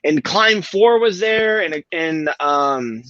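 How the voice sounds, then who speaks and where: A man's voice: fairly high pitch, lively intonation, slow, sharp tone, dry recording, highs cut off. A man hosting a podcast, rambling through profane stories in casual chat. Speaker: podcast host.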